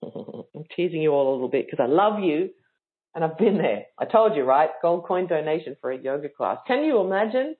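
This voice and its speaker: A woman's voice: fairly low pitch, expressive, moderate pace. A woman coaching yoga teachers in a live online workshop, casual, playful and frank, teasing her listeners. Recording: tinny phone-like sound.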